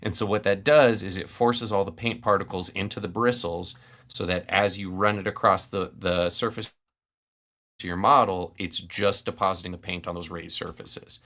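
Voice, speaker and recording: A man's voice: deep voice, fairly even intonation, moderate pace, pushed and bright. A man hosting a casual painting stream, patiently explaining a technique step by step. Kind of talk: casual instructional chat.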